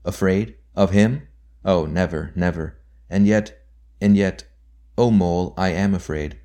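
A man voicing a gentle male water rat, speaking in a hushed, reverent way. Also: low voice, unhurried. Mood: awed.

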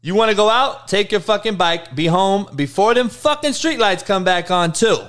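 A man's voice: sits high, animated, moderate pace, a bit bright, clean tone. A man playing a stern old-school father who barks orders and curses. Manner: barking orders, cursing.

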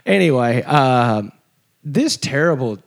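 A young podcast co-host chats casually and animatedly, acting out the voices of people he quotes. His medium-pitched voice is creaky and he takes things slowly.

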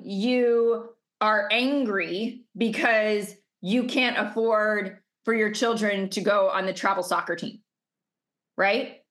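Emphatic, fairly high-voiced woman coach. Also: a bit bright. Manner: emphatic, repeats rhetorical questions. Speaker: business coach. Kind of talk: motivational masterclass talk. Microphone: video call.

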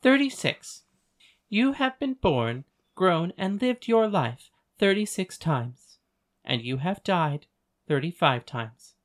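A voice actor playing a calm, ancient goddess. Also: mid-range voice, slow. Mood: gentle. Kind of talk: audiobook dialogue reading.

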